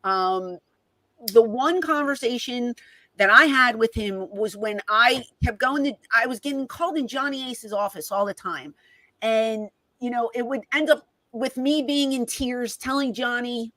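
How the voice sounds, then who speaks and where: A middle-aged woman tells stories as an interview guest, and she acts out whole conversations as she goes. Her voice sits a little high for a woman. The sound is dry and close, with almost no room around it. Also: measured pace, no room sound, low-quality recording. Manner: animated, reenacts conversations with quoted voices. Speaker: guest, former wrestling personality. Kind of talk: casual storytelling in an interview.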